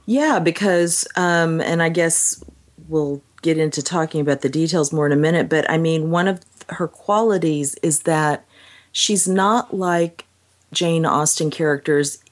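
A woman with a low voice chats about a classic novel in an easy, conversational way. She thinks aloud, often lifting her voice as she makes a point. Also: a little slow. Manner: thoughtful, chatty, lively rises in pitch. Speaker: book discussion co-host. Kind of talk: casual book chat.

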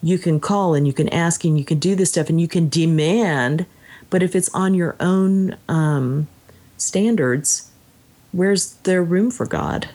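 This book discussion co-host speaks a little slowly, at a fairly low pitch, in casual reflection on a story. At times she reads passages aloud, and her quoting is animated.

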